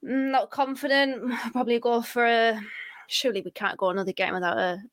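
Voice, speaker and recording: A woman co-hosting a podcast, chatty and quick to laugh, sounding a little nervous about the coming game. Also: a little high, steady tone, fairly bright tone, no echo. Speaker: podcast co-host. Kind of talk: casual podcast chat.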